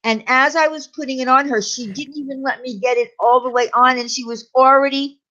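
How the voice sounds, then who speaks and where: A woman's voice: high voice, fairly even intonation, brisk, bright, forceful tone. Woman guest rambling on about her pet, lots of likes and you knows, kinda muffled lo-fi audio. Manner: chatty storyteller, many fillers. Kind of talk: casual chat. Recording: dull lo-fi sound.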